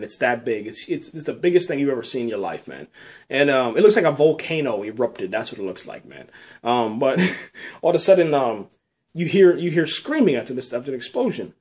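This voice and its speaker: A man's voice: fairly high pitch, a little mellow. A man telling a nightmare in a loose, rambling way, swearing a lot and dropping "man" and "you know" all through. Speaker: storyteller recounting a nightmare. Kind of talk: casual rambling storytelling.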